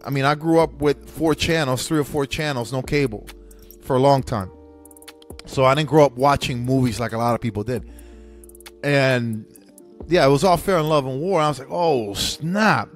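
A man's voice: medium pitch, moderate pace, soft background music. A young man hosting a podcast, telling a candid, profane story with many restarts. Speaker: podcast host. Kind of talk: casual storytelling monologue.

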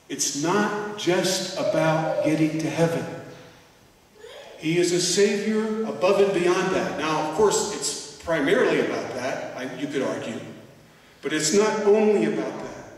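Slow, deliberate male preacher in an echoey hall. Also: fairly high pitch. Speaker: church elder preaching. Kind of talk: sermon. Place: large church hall. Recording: echoey hall, distant mic.

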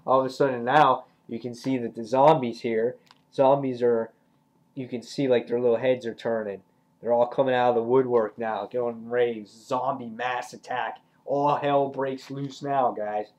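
Young guy rambling thru a comic review, casual, swears a bunch, average pitch. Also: fairly even intonation, moderate pace, a little mellow.

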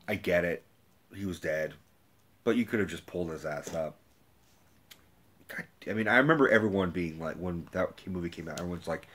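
A young man giving a rambling, profane movie review rant, casual and animated. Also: low voice, a little fast.

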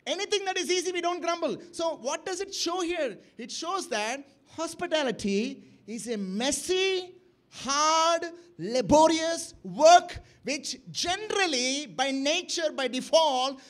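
A man preaching a sermon at a church camp, emphatic and often asking the congregation questions. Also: very high-pitched. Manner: emphatic, with rising and falling bursts of loudness.

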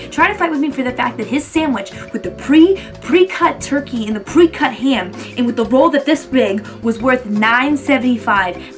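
Chatty New woman, music behind. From New Jersey. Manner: animated, frequent "like", acts out quotes in a higher voice. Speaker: beauty vlogger. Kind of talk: casual storytelling chat.

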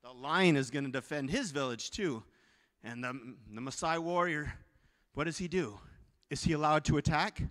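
A man pastor telling a story in a sermon, animated, swinging from hushed to loud, in a church sanctuary. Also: a little high, normal speed. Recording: reverberant church hall.

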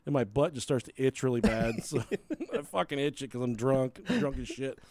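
A man hosting a podcast, telling a crude, animated story casually with frequent laughter. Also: mid-range voice, moderate pace, dry recording. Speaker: podcast host.

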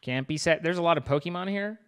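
A man's voice: fairly high pitch, quick pace, a bit bright, clean tone. A man casually talking through a multiplayer game with a teammate, joking and rambling as he plays. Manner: playful, rambling banter. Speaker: gaming video host. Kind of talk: casual gaming chat.

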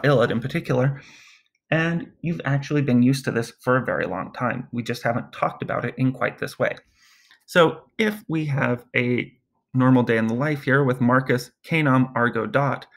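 A male Latin teacher explains grammar in a relaxed, chatty recorded lesson and chants word forms as drills. His voice is mid-range and gravelly.

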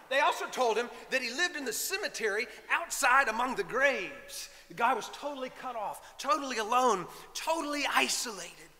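A man, a priest preaching a sermon, telling the story in a lively way and talking straight to the congregation. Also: very high voice, slight background noise. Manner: animated storytelling with asides to the congregation. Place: church. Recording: long church reverb.

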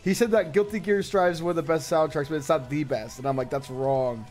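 A man chatting casually on a livestream, excitable and profane, laughing often. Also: fairly high pitch, fast, soft background music. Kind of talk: casual stream chat.

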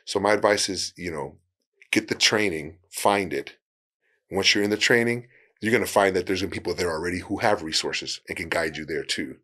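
Man, very deep voice, podcast guest, casual advice, easygoing, laughs a lot. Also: pushed and bright. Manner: easygoing, laughs often, acts out quick dialogues.

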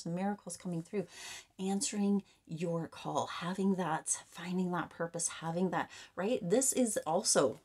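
A woman giving an excited tarot reading, gushing and repeating herself, often dropping into breathy whispers and running out of breath. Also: lowish voice. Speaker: tarot reader.

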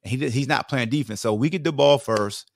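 A man in his forties from Virginia, a podcast guest casually telling animated stories about his football days. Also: medium pitch, brisk. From Virginia, USA. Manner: animated, acts out other people's lines. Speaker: guest, former football player. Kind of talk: casual storytelling.

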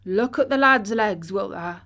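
A woman voicing a gruff old male gardener. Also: mid-range voice, unhurried, sharp tone. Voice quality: hoarse, gruff dialect.

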